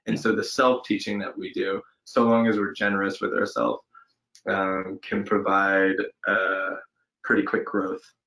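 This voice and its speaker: A fairly low-voiced actor, bright and forceful in tone with vocal fry and a level delivery, talks slowly and reflectively in a casual interview over video call. Recorded on a home lockdown setup with poor audio, he's hesitant and thoughtful, filling pauses with "um" and restarting sentences.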